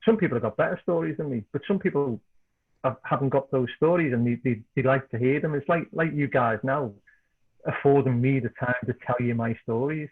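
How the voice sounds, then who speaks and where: A middle-aged man from Liverpool with a Scouse accent, a podcast guest and author telling animated anecdotes in casual chat. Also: medium pitch, fairly quick, breathy edge. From Liverpool, England. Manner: animated anecdotes, repeats words when excited. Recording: tinny phone-like call line.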